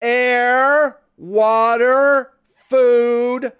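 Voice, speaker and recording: A woman hosting a solo podcast, ranting angrily and full of profanity, with bursts of shouting. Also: on the high side, steady tone, very slow, clean tone. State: angry. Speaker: podcast host.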